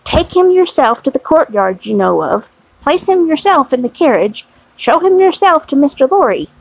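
A woman's voice: high-pitched, no room sound, rough recording. A woman reading the lines of a resolute grown man in a prison cell, urgent and commanding in manner.

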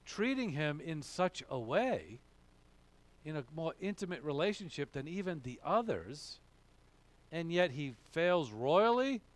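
Man, pastor, sermon, somewhat high voice, lively delivery, repeats phrases. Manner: animated preaching with repeated phrases and chuckles.

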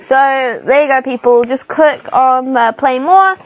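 High-voiced chatty New woman. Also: measured pace, highs cut off. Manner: chatty, rambling, giggly. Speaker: gaming channel host. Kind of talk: casual screen-recorded gameplay commentary.

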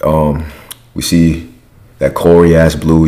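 Low-voiced man casually recapping. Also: little pitch movement, measured pace, dark tone. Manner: slangy, acts out houseguests' lines in quotes. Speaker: podcast host. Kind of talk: casual reality-show recap.

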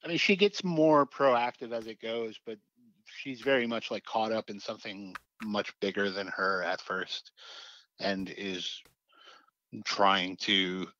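A man with a fairly low voice talks about his craft in a relaxed interview. He rambles, hedges, and restarts his sentences often. The sound is dry and a bit muffled. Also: no echo. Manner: rambling, hesitant, many fillers and restarts. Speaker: comic writer guest. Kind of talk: casual interview.

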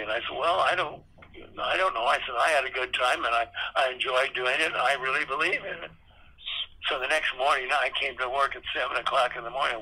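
A man's voice: mid-range voice, pushed and bright, breathy edge, low-quality recording. A man in his eighties, a guest on a podcast interview, candidly telling salty stories and acting out old conversations. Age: 80s. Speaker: podcast guest, retired theme park designer. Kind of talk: anecdotal storytelling in an interview.

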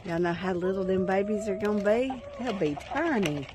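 A woman's voice: medium pitch, animated, normal speed. A woman filming her farm animals outdoors on a phone, talking to them in affectionate baby talk and chatting to viewers. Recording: faint outdoor background noise. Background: chickens clucking and roosters.

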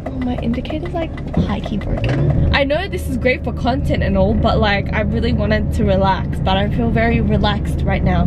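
A woman chatting casually to her viewers from inside a car, giggly and easily flustered. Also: mid-range voice. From Australia. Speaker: vlogger. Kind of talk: casual vlog. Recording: background music under the voice.

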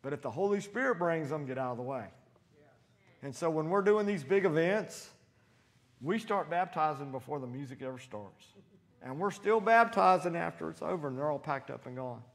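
A man preaching a sermon in a church, animated and storytelling, acting out voices as he quotes people. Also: on the high side, normal speed, vocal fry. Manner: animated, acts out quotes with loud shouted voices.

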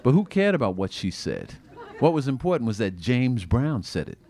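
A man, an author, reading aloud from his own book at a bookstore event, expressive and acting out the quoted voices. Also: mid-range voice, moderate pace.

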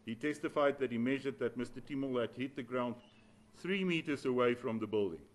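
A man, an advocate arguing formally in a courtroom, measured and deferential, with some hesitations. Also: mid-range voice, low-quality recording. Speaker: advocate addressing a judge.

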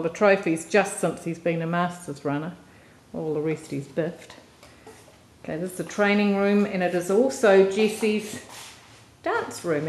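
A woman casually narrating a tour of her family home, filmed on a handheld camcorder. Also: mid-range voice. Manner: chatty, relaxed, laughs softly between remarks. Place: inside a family house. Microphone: handheld camcorder mic. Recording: noisy home camcorder audio.

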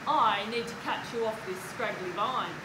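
A woman voicing a calm male gardener in a children's story, patient and reassuring. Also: medium pitch, moderate pace, voice pushed down, natural voice. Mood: steady. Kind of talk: children's story read-aloud. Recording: roomy hall with background noise.

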